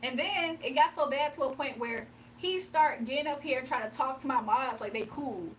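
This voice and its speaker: Chatting straight to her chat and laughing often, this livestream host keeps things casual with her viewers. Her voice sits high and moves at a normal speed. The mic is a bit far away, and a faint hum runs underneath.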